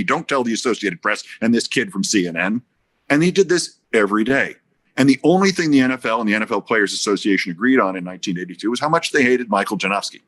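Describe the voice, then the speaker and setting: A man in his sixties, a broadcaster guest telling an anecdote in a podcast interview, acting out other people's voices with big jumps in pitch. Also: fairly bright tone.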